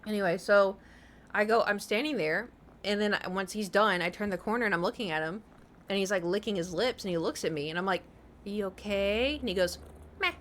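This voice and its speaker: A woman's voice: medium pitch, quick pace, fairly bright tone, a little hiss or hum. A young woman with a slight lisp from braces, chatting casually on a live stream and telling rambling, self-mocking stories with frequent laughter.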